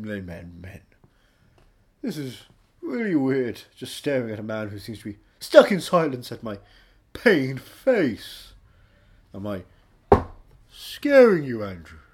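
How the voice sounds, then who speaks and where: A man's voice: mid-range voice, slightly rough, exaggerated voice. A man voicing a pompous, self-important male actor who talks in a grand, theatrical way and laughs at himself.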